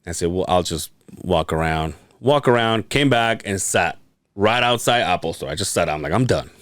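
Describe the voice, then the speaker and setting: Male podcast host, animated and profane, casual storytelling, dry booth sound. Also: deep voice, normal speed, dry recording. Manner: profane, animated storyteller, acts out quotes with laughs.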